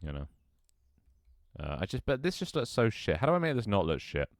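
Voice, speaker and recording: A man's voice: lowish voice, big pitch swings, brisk, dry recording, studio quality. A man thinking aloud on a livestream as he builds a game level, muttering to himself, swearing often, joking with his chat, and his voice cracks now and then. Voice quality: voice cracks at times.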